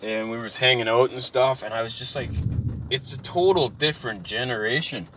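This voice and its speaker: A man in his thirties ranting in a car, heated and animated, swearing constantly. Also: mid-range voice, normal speed, background noise. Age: 30s. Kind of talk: profane ranting monologue. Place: inside a car.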